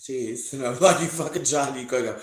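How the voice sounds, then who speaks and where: A man's voice: medium pitch, quick pace, slight background noise. A young man giving a candid, rambling interview testimony, swearing often and laughing between thoughts. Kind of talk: candid casual talk. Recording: echoey room.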